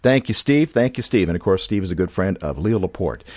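A man's voice: low-pitched, lively intonation, brisk, darkish tone. A man from California hosting a podcast in a casual, rambling monologue with many restarts. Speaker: podcast host.

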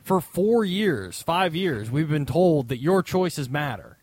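A male podcast co-host with a slightly high voice that swings widely in pitch. He banters sarcastically and builds into heated rants. The sound is dry and close. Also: animated, slow pace, a little mellow, husky, dry recording. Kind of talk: casual podcast chat.

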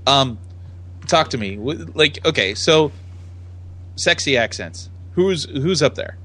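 Bright-voiced curious man. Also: mid-range voice, lively intonation, slow. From United States. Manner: curious, asks questions, laughs often. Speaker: podcast co-host. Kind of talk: casual chat.

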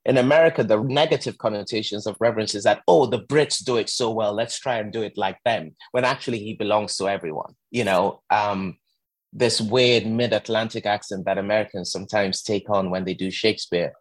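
Man, actor in an interview, husky breathy tone, lowish voice, animated storytelling, dry close sound. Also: fairly quick, no room sound. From England. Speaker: actor and guest. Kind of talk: conversational interview.

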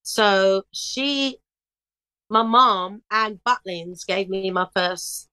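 A middle-aged woman telling stories in a casual interview, lively, breaking into bits of song. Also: mid-range voice, very slow, smooth, no room sound, low-quality recording. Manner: animated storyteller, bursts into snatches of song. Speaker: guest singer.

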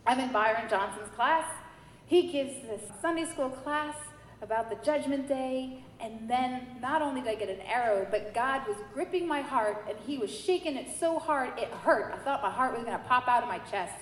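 A woman from New York giving a personal faith testimony, telling her story in a lively way and acting out the dialogue. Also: high voice, moderate pace. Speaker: church member giving testimony. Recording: echoey hall with faint noise.

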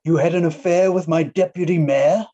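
A scheming elderly halfling mayor, put on by a man, speaks in a mellow, slightly raised voice. He is fussy and self-serving, and he frets about his votes. He is a character in a tabletop role-playing game. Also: on the high side, steady tone, normal speed, dull audio, lightly acted.

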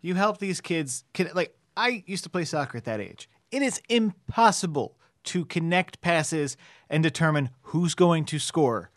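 Higher-voiced male podcast co-host. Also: lively intonation, measured pace, no room sound, studio quality. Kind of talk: casual chat.

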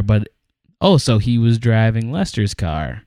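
Man, podcast co-host, laid-back, wry, mid pitch, dry close sound. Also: big pitch swings, normal speed, a little mellow, no echo. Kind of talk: casual podcast chat.

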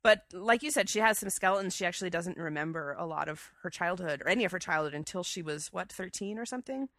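A woman's voice: on the low side, expressive, quick pace, fairly bright tone, dry recording. A woman co-hosting a podcast, chatting enthusiastically and casually, with plenty of fillers and restarts. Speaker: podcast co-host. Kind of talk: casual chat.

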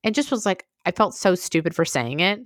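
Female solo podcast host, lower register, candid conversational delivery, dry close-miked sound. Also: lively intonation, a little fast, a bit bright, no room sound. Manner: frank, conversational, full of asides.

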